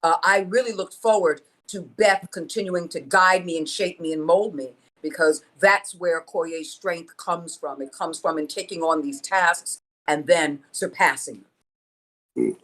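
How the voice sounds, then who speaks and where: A woman's voice: on the low side, measured pace, fairly bright tone. A woman on a video call panel, speaking in an emphatic, rousing way that builds through repetition. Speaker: voice actor guest.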